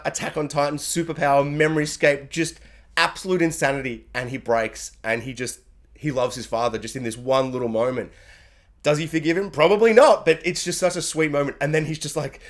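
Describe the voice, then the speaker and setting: A man giving an animated, excited spoken review, often acting out characters' lines. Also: normal speed. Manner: animated, acts out character lines with sudden high yelps. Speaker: anime reviewer.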